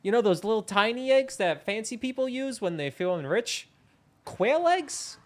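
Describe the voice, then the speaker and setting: A young man chats casually on a live game stream, wandering from topic to topic with a self-mocking edge and casual swearing. His voice sits a little higher than most men's. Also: sing-song, moderate pace. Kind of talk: casual live-stream chat while gaming.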